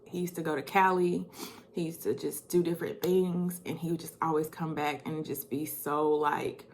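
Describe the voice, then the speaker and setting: A woman in her thirties telling personal stories in a vlog, animated and laughing as she reminisces. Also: deep voice, normal speed. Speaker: vlogger.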